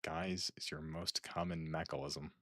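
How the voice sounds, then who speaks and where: A young man with a low, deep voice rambles and jokes as he reacts to videos, restarting and trailing off. The sound is close-miked and dry, with no room echo. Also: fairly even intonation, unhurried, a bit bright. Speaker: streamer. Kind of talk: casual chat reacting to videos.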